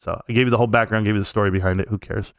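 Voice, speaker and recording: Man, middle-aged, live-stream host, casual rambling storyteller, animated, dry close mic. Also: rapid-fire, no echo. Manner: animated, jumps up in pitch when reliving tense moments.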